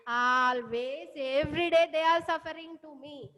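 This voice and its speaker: A woman teacher with a Telangana Indian English accent giving an online class, explaining slowly with many repetitions. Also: sits high, a bit bright, in a large hall, muffled recording.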